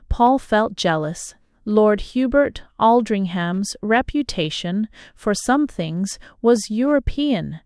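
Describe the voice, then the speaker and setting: A woman reads a novel aloud in an unhurried, measured way. Her voice is smooth and clear. The recording is close and dry, with no room echo. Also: medium pitch, expressive, a little mellow. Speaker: audiobook narrator. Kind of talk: audiobook reading of a novel.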